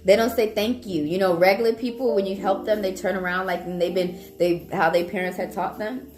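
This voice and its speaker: A woman, a live tarot reader chatting casually with viewers in a blunt, profane, animated way. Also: mid-range voice, brisk. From Atlanta, Georgia, US South. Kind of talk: casual livestream chat with viewers. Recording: echoey room with background music.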